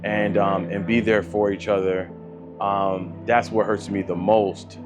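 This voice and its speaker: A man telling a personal story of loss in a soft, halting way, with many pauses and restarts. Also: on the low side, flat delivery. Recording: dull lo-fi audio with music behind. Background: soft instrumental music.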